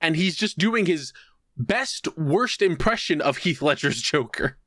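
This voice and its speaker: Animated, profane man on a podcast. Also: on the high side, unhurried, no room sound, clean studio sound. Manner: acts out quotes in put-on voices. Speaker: podcast co-host. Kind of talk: casual chat.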